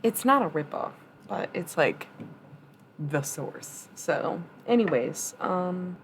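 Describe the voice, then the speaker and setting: Blunt low-voiced woman streamer. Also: lively intonation, takes it slowly, slight background noise. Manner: blunt, profane tough-love talk; chatty, laughs often. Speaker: livestreamer. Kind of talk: casual live-stream chat.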